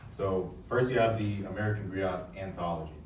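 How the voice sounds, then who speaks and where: A young man with a deep voice gives a casual, joking talk to an audience. He is picked up from a distance in an echoey room. A faint room hum sits underneath. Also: brisk. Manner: casual, joking, addresses the crowd. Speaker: poet and presenter. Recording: echoey room, voice heard from far off.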